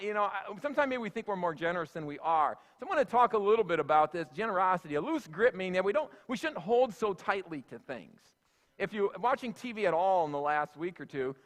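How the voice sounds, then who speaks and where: A man's voice: a little high, a bit bright. A man giving a sermon as senior pastor, folksy and conversational, with plenty of asides and fillers. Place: church sanctuary. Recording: echoey church hall.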